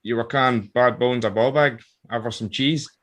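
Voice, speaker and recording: A man's voice: mid-range voice, normal speed, fairly bright tone. A Scottish man hosting a casual interview, giving short replies and asking questions. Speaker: podcast host.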